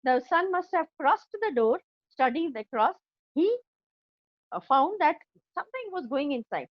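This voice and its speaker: A woman teaching an English class goes through a story line by line in an Indian English accent, frequently checking that her students follow. Her high, sing-song voice is a little slow, and the recording is muffled but has no echo.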